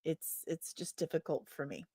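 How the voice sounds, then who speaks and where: Woman host reading chat comments out loud, chatty, lots of asides, dry sound. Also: deep voice, fairly even intonation, breathy edge, no room sound. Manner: chatty, quick asides, often laughing at herself.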